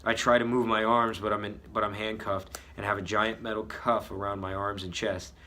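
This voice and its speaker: Bright-voiced man mocking his own story. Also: fairly low pitch, little pitch movement, moderate pace, slight background noise. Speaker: host reading his childhood story. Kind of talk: comedic read-aloud with commentary.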